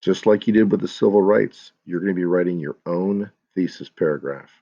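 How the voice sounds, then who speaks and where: A man's voice: low voice, fairly quick, vocal fry, warm tone, highs cut off. A man teaching a class, giving step-by-step instructions for a student project and speaking directly to his students.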